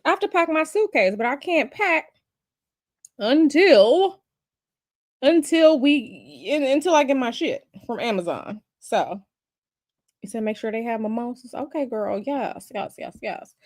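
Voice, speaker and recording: Sassy, lively woman streamer. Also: high-pitched, measured pace, dry recording, studio quality. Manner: chatty, sassy, addresses viewers as y'all and baby. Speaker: livestream host. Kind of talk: casual livestream chat.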